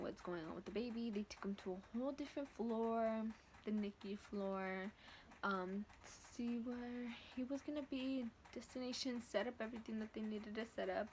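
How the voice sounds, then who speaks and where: A woman's voice: mid-range voice, darkish tone, a little hiss or hum. A teenage woman vlogger telling a casual story from home, blunt and profane with lots of slang. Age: teens.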